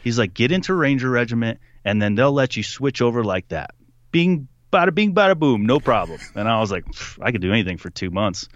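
A young man telling a story in casual conversation, animated, putting on voices for the people he quotes and laughing often. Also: on the low side, fast talker, few pauses, no echo, dull audio. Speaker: podcast guest.

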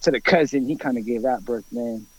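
A man's voice: medium pitch, brisk, no echo, low-quality recording. Rambling man telling a story with fillers. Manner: rambling, many fillers, animated quotes. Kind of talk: casual storytelling chat.

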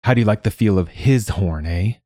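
A lumpy bully of a boy monk, as a man puts him on sneers and hisses his taunts. The voice sits low and dark, close and dry. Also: brisk, no room sound, lightly acted. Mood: sneering. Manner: sneering, hissing.

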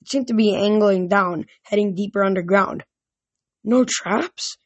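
An amateur reader narrating a novel in first person, halting and often restarting sentences. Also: mid-range voice, fairly even intonation, no room sound, highs cut off. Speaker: audiobook reader. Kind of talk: amateur audiobook reading.

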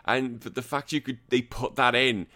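A man hosting a casual gaming podcast, animated and swearing now and then. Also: medium pitch, moderate pace. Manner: animated, swears, acts out game voices. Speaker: podcast host.

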